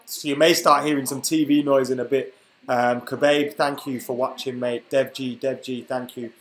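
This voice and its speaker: A man's voice: mid-range voice, fairly even intonation, normal speed, fairly bright tone, echoey room, poor audio. A young man hosting a football live stream, chatting casually and reading out viewer comments while he has the hiccups. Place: room at home.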